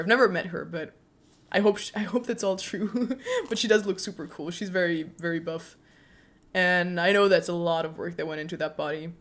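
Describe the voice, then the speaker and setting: Low-pitched young woman chatting on stream. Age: 20s. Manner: chatty, frequent laughs, speaks warmly to chat. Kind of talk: casual chat with viewers.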